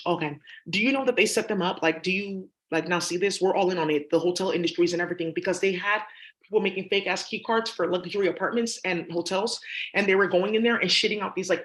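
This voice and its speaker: A woman talking in a rapid, profane monologue that jumps from topic to topic. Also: medium pitch, fairly bright tone. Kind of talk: rambling monologue.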